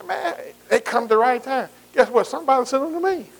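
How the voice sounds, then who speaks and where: High-voiced folksy preaching man. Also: sing-song, fast talker, vocal fry. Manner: folksy call-and-response preaching, frequent "amen". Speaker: pastor. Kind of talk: sermon.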